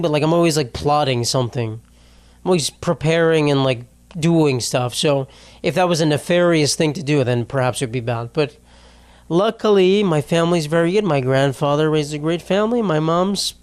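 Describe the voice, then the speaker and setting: Tearful after a loss, a young podcast host still rambles through a casual solo monologue, poking fun at himself, cursing a lot and laughing in the middle of sentences. He speaks on the high side with a clean tone.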